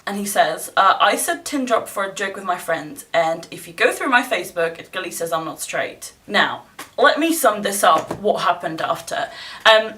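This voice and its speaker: A woman's voice: mid-range voice, expressive, normal speed, pushed and bright, recorded from a distance. A young woman vlogger casually retelling a story, blunt, sarcastic and full of swearing, recorded a bit away from the mic. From not from England, living there.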